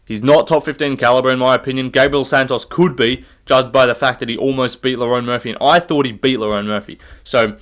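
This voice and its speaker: Young man, casual solo rant, profane, rambling, opinionated, middle pitch. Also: fairly even intonation, fairly quick, hardly any pauses, a bit bright. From Australia. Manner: standing while recording. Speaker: MMA fight predictor.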